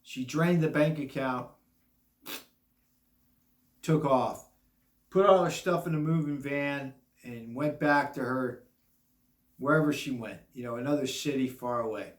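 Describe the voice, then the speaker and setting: A man's voice: mid-range voice, unhurried, pauses often. Tipsy man in his fifties, roomy echo. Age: 50s. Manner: blunt, rambling, emphatic warnings. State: a little drunk. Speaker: vlogger. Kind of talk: casual rambling monologue.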